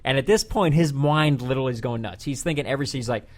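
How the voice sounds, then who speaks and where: This podcast host is a man telling a long, laid-back story, swearing plenty and dropping into voiced quotes along the way. His pitch is ordinary, and his delivery is animated and chatty, fast with hardly any pauses.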